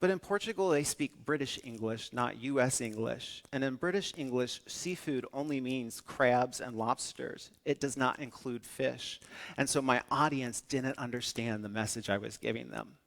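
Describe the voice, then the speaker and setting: A man's voice: medium pitch, normal speed, gravelly. An American man giving a humorous conference talk, telling anecdotes and acting out voices. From United States. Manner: animated storytelling, acts out voices. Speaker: keynote speaker. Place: conference hall. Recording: long hall reverb.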